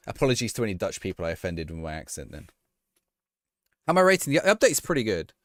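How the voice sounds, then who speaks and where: A man streaming a game from home, reading viewers' questions aloud and answering them in loose, offhand chat. His pitch swings up and down in a lively way, and he often breaks off and restarts his sentences. The sound is close and dry, with little room around it. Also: fairly quick, pauses often, no echo. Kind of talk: casual chat.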